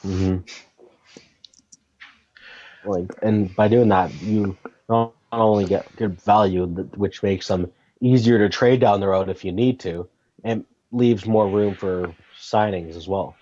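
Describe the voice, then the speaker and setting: A man co-hosting a podcast, chatting about hockey in a casual way, thinking aloud and getting animated. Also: on the low side, takes it slowly. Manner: thinks aloud with fillers and restarts, then gets animated. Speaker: podcast co-host. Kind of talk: casual sports chat. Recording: dull lo-fi audio.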